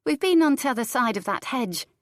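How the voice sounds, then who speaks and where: A woman's voice: on the high side, lively intonation, normal speed, no room sound, pitched above the performer's own voice, lightly acted. A woman reading an audiobook voices a flustered, rustic young nursemaid who pleads and defends herself anxiously. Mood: chatty. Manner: pleading, defensive, broad country speech.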